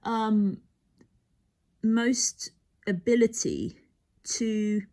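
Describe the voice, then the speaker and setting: Woman, tarot reader, rambling and musing, self-interrupting, animated pitch, occasional near-whisper. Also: very slow. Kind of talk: tarot reading monologue.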